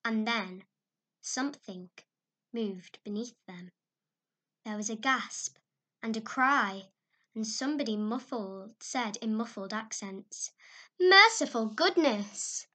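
A woman narrating a classic story in a measured, expressive way. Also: a little high. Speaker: audiobook narrator. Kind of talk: scripted narration.

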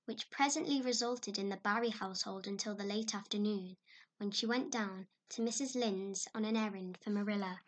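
A woman narrating a classic storybook in an expressive, animated way. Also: medium pitch, normal speed.

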